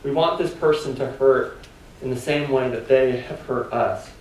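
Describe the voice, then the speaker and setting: A man's voice: mid-range voice, normal speed, darkish tone. A man preaching a sermon as pastor, in a loose, conversational way full of "like" and "kinda", asking the congregation questions. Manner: conversational, filler-heavy preaching with rhetorical questions. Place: church sanctuary. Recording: echoey church hall, mic at a distance.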